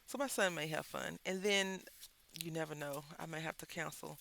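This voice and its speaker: Gravelly-voiced man chatting while crafting. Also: a little high, moderate pace, pauses often, pushed and bright, a little hiss or hum. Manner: rambling, candid storytelling, talks to viewers as y'all. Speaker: craft vlogger. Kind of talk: casual chat while crafting.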